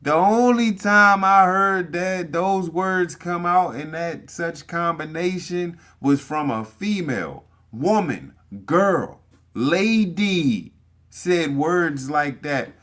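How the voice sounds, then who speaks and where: A man's voice: fairly high pitch, expressive, slow pace, a bit bright. A man giving casual reaction commentary, talking emphatically and profanely straight to his viewers. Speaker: commentary streamer.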